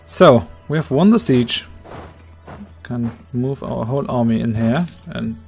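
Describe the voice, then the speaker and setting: Gravelly man explaining a strategy game. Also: mid-range voice, a little slow, soft background music. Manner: calm, explanatory, thinking aloud. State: slightly hoarse voice. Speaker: game commentator. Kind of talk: strategy game let's play commentary.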